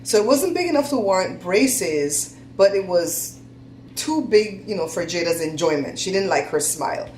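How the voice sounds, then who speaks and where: A woman's voice: on the low side, animated, normal speed, darkish tone, slight background noise. Chatty woman in an echoey room. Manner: chatty, laughing storyteller with folksy talk. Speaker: host. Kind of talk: casual chat.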